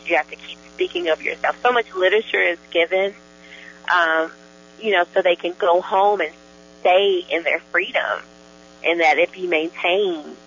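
A woman's voice: lowish voice, a bit bright, slight background noise. A woman guest on a radio ministry show, talking with joy and enthusiasm, often laughing. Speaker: guest in deliverance ministry training. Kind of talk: casual radio conversation. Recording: dull lo-fi radio sound.

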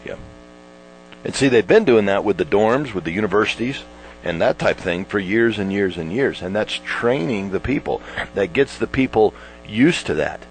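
A man's voice: on the low side, lively intonation, normal speed, soft background music, rough recording. A man hosting a religious call-in radio show, taking callers and signing off the broadcast. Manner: brief affirmations, signs off the show. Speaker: radio host.

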